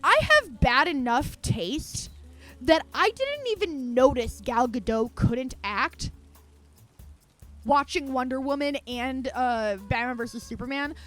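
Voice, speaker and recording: High-voiced woman on a profane rant. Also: expressive, slow pace, a bit bright, faint music behind. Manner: profane, heated ranting. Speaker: streamer. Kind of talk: live-stream movie rant.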